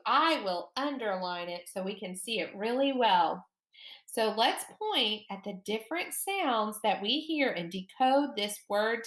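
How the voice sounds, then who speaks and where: A woman teaching a phonics lesson to young children, sounding out letters slowly and praising often. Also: fairly high pitch, fairly bright tone, roomy sound.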